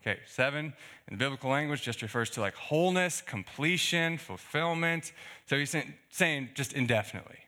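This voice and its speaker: Speaking briskly in a slightly high voice, a pastor reads from scripture and unpacks it with rhetorical questions. His sermon style is conversational and lively, with plenty of fillers.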